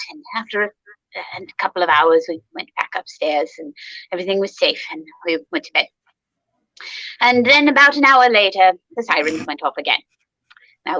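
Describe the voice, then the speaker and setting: A woman's voice: medium pitch, bright, forceful tone, dry recording, dull audio. A woman in playful in-character chat, telling a story with many ums and gasps. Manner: chatty, frequent ums and gasps. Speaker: performer in costumed character.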